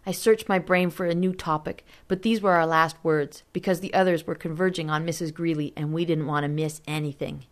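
A woman reading a story aloud as narrator in a steady, measured way. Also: low voice. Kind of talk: audiobook narration.

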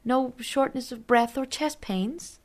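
A woman's voice: high-pitched, takes it slowly, pitched above the performer's own voice. A woman voicing a careful, anxious mother who asks probing questions.

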